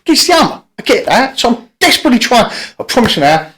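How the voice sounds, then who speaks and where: A man's voice: very high voice, sing-song, fast talker, fairly bright tone. A middle-aged man telling rambling, sweary stories in a casual podcast chat, full of restarts.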